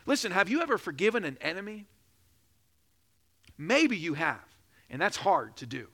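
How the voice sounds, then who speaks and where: A man in his thirties preaching a sermon, telling a joking personal story, then building to loud, slow emphasis. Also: sits high, sing-song. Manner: preaching with rising emphasis, slowing for key phrases; jokes and laughs during a personal story. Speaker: pastor.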